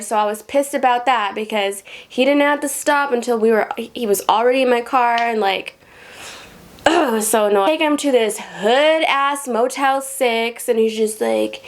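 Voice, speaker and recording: Brief: young woman, story-time vlogger, swears a lot, rambles, slightly high voice. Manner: rambling, profane, full of "like". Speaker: rideshare driver telling stories. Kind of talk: casual storytime vlog.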